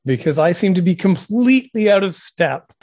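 Gravelly, wry man. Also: high voice, lively intonation, normal speed, darkish tone, no echo. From Saskatchewan, Canada. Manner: dry, wry straight man. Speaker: podcast co-host. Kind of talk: comedic banter.

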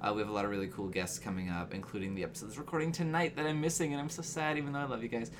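A man's voice: medium pitch, fairly even intonation, very fast, crowd noise. A man chatting as a guest on a casual podcast, joking and self-deprecating. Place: apartment room with friends.

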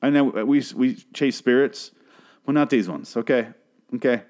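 A man recapping a TV episode in a casual monologue, rambling and profane, breaking off to act out the characters' lines in animated voices. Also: mid-range voice, moderate pace. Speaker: show recapper.

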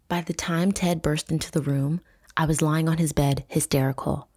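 A woman hosting a true crime podcast, reading book passages aloud with profane asides and dramatic shouting. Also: sits low, steady tone, moderate pace, slightly rough. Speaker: podcast host.

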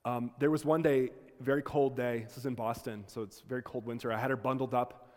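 A man's voice: mid-range voice, fairly even intonation, a little fast, darkish tone. A man lecturing to students, telling a personal story in an earnest, conversational way with frequent restarts. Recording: long hall reverb.

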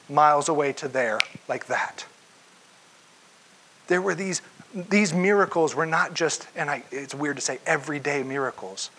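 Husky, bright-voiced preacher man. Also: a little high, a little slow, poor audio. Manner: storytelling, acts out voices, drops to a whisper for emphasis. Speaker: pastor. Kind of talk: sermon.

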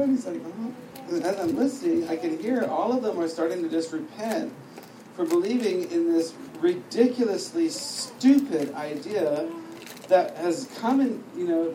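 A man teaching a sermon, telling a story with humor and acting out what people said. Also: high-pitched. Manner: storytelling with humor, acts out dialogue. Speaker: preacher. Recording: echoey room, distant mic, noisy.

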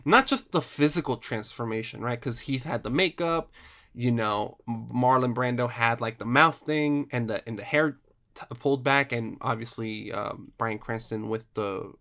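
A man's voice: medium pitch, moderate pace, fairly bright tone. A man co-hosting a casual film chat, rambling with restarts and casual swearing.

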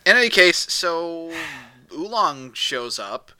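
A man's voice: on the high side, very animated, slow, crowd noise. A man co-hosting a casual podcast, recapping the plot with dry, exasperated asides. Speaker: podcast co-host.

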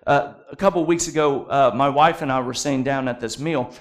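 A man's voice: medium pitch, a little fast. A young adult man preaching a sermon, conversational and laced with humorous asides. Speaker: pastor.

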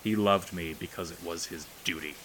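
A man reading aloud and voicing a young prince, a self-doubting youngest brother who speaks quietly or rants bitterly. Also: low voice, moderate pace, a little hiss or hum, poor audio. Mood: ranting. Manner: quiet, then ranting and shouting in frustration.

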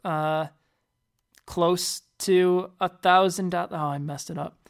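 Low-pitched woman with a smooth voice. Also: steady tone, slow. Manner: hesitant, repeats words when starting sentences. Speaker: podcast co-host. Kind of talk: casual tech chat.

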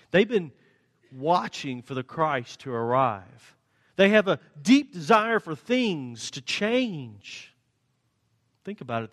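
A male pastor preaching a sermon, swinging between loud, raised questions and quiet, low answers as he acts out the exchange. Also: in a large hall.

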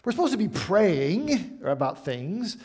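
Middle-aged guy pastor preaching, kinda high voice, bouncy and conversational, lots of "okay? right?". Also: unhurried, slightly rough. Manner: animated, conversational preaching with asides to the congregation. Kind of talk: sermon.

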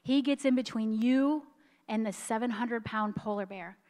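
A woman preacher delivers a sermon in a fairly high voice, telling a story emphatically and slowing down on key lines. She sounds choked up with emotion at times. Her voice carries a long reverb, as in a church hall. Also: darkish tone.

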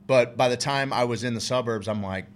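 A man's voice: mid-range voice, fairly quick. A man hosting a podcast in loose, profane casual chat, often laughing along. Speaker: podcast host.

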